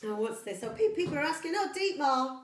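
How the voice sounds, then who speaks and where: A woman's voice: high voice, sing-song, a little fast, a little hiss or hum. A woman with a chatty, blunt manner, talking casually between songs at home as a folk musician. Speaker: folk musician hosting a live stream. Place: home lounge. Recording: roomy room with instruments.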